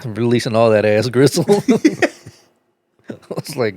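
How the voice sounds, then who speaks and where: A man co-hosting a comedy podcast, telling crude stories in profane casual banter, laughing often and acting out other voices with big jumps in pitch. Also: expressive, slow pace, long pauses, a little mellow. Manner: profane storyteller, laughs through his stories. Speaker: podcast co-host. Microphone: podcast studio mic.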